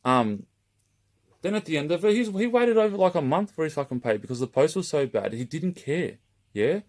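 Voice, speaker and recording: A man's voice: on the high side, lively intonation, normal speed, a little mellow. A man running a raffle page, delivering a heated, rambling open-letter rant straight to camera and swearing constantly.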